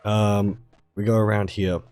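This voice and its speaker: A man with a mild Australian accent and a hoarse, fading voice, chatting casually to viewers while streaming a video game. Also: lowish voice, little pitch movement, a little slow, a little mellow, faint music behind. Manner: chatty, rambling, talks to chat viewers.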